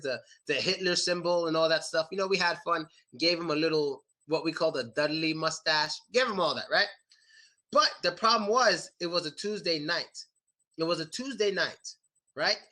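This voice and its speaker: A bright, forceful man teaching English slang through a rambling anecdote. He curses freely and circles back to repeat his key words. His voice sits a little high for a man. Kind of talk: casual vocabulary lesson told through a story.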